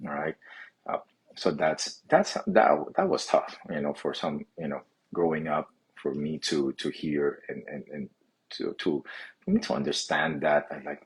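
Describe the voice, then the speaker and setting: A middle-aged man from the Philippines telling his life story, halting and restarting often. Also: a bass voice, slightly rough. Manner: halting, many restarts and "you know" fillers. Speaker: physical therapy clinic owner. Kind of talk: personal story monologue.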